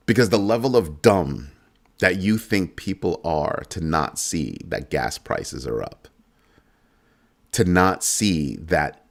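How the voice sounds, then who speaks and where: A man's voice: sits low, gravelly. A middle-aged man hosting a finance channel, delivering a heated, sarcastic rant with strong emphasis. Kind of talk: ranting monologue.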